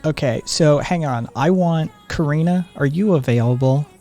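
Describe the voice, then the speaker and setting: A live stream host chatting casually and reading viewer comments in a soft, sedated way, with frequent ums and laughs. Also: medium pitch, moderate pace, soft background music.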